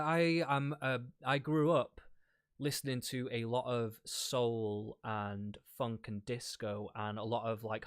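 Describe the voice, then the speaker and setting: A man from England chatting casually as a debate guest, relaxed, swearing freely and laughing often. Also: mid-range voice, no echo, studio quality. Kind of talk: casual chat.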